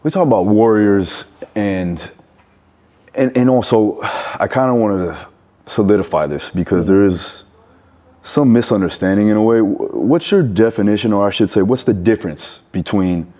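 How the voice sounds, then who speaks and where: A man's voice: fairly low pitch, normal speed, dark tone. A man hosting a podcast, asking thoughtful questions and giving short affirmations while his guest talks. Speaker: podcast host. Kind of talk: podcast interview.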